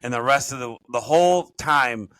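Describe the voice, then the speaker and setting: Man, middle-aged, podcast guest, bright forceful voice, rambling, self-correcting, dry close recording. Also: medium pitch, normal speed, dry recording, low-quality recording. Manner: rambling, self-correcting, animated when telling stories. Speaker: podcast guest, author and business coach. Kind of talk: casual storytelling interview.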